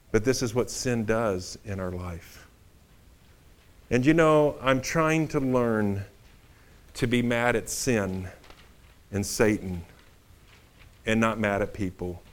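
A male pastor preaching a sermon in a conversational, animated storytelling way. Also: lowish voice.

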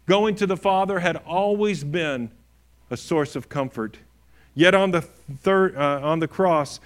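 A man preaching a sermon earnestly, rising to emphatic peaks and dropping to hushed, quiet phrases. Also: on the high side. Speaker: pastor.

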